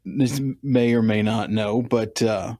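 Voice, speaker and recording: A man's voice: on the low side, steady tone, takes it slowly, dark tone, no echo, studio quality. A man hosting a podcast, chatting casually and laughing easily. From Oklahoma or Texas. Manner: easygoing, laughs often. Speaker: podcast host. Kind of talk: casual interview chat.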